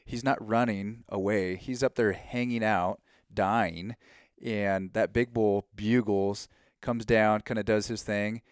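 A man co-hosting a podcast, recounting a hunt in a relaxed, conversational way. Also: on the low side, slow pace, clear, resonant tone, dry recording, clean studio sound. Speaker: podcast co-host. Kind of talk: casual hunting story.

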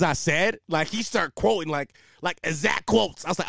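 This young podcast host talks alone, casually, at a normal speed, his slightly high voice a bit creaky. He swears, rambles, and tells stories animatedly but loses track of where he's going. The audio is dry and studio-clean.

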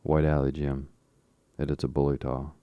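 A man's voice: very deep voice, little pitch movement, moderate pace, smooth, dry recording, highs cut off. A man reading the lines of a coaxing, scheming boy in an audiobook.

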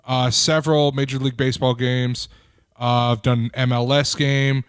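A man's voice: medium pitch, little pitch movement, moderate pace, smooth, no room sound. A man chatting on a podcast with a dry, sarcastic edge, listing places he has been. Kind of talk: casual chat.

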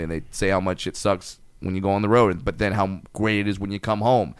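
A man's voice: on the low side, quick pace, hardly any pauses, clear, resonant tone, dry recording. A man in his thirties, a comedian hosting a podcast, rambling and chuckling as he tells stories in casual chat. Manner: rambling, chuckly, animated storytelling.

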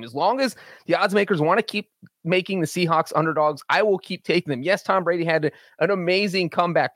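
A man's voice: a little high, fairly bright tone, no room sound, studio quality. A man co-hosting a sports betting podcast, talking in a confident, joking way. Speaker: podcast co-host. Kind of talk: casual sports betting chat.

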